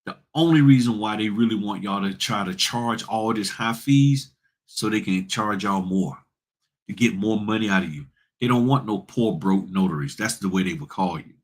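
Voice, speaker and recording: A man's voice: on the low side, moderate pace. A middle-aged man hosting a casual livestream, talking bluntly and preachily to his viewers in slangy speech. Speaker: notary business host.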